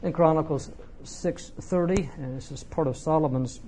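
Preacher mid-sermon: warm, relaxed tone, emphatic delivery that swoops high and drops low. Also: moderate pace, slight background noise. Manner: emphatic, with wide swings in pitch and loudness; repeats words for emphasis. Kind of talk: expository sermon.

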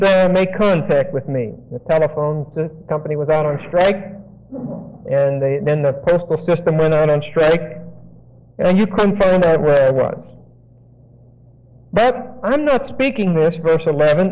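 A man giving verse-by-verse sermon teaching, explaining Greek grammar with digressions and frequent checks of "okay?". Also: on the high side. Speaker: Bible teacher. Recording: dull lo-fi sound.

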